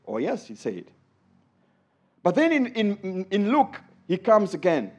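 A man preaching a sermon in an animated way, rising high when he quotes others and dropping low for asides. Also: slow pace.

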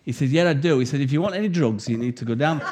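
A man with an English accent preaches a sermon in a medium-pitched voice over background noise. He tells anecdotes with animation and laughter, then reads scripture earnestly.

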